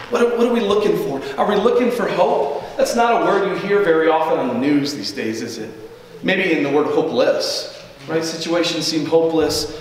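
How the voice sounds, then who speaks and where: A pastor delivers his sermon in an earnest, conversational way, often turning to the congregation with asides. His voice sits a little high for a man. The sound carries a long hall echo from a church sanctuary, and he stands some distance from the mic.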